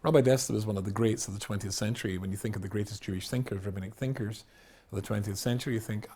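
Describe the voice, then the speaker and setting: A man from Scotland, a rabbi giving a storytelling lecture, animated, with loud exclamations and quiet asides. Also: on the low side, racing, breathy edge.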